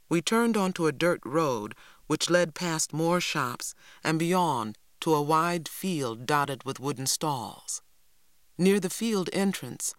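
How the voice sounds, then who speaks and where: A woman's voice: sits low, no echo. Woman narrating an audiobook, dry close sound. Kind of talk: scripted first-person narration.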